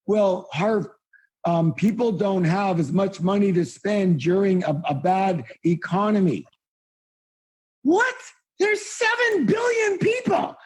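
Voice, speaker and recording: A man giving a live motivational seminar talk, blunt and emphatic, firing rhetorical questions at the audience and often bursting into loud exclamations. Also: on the high side, husky.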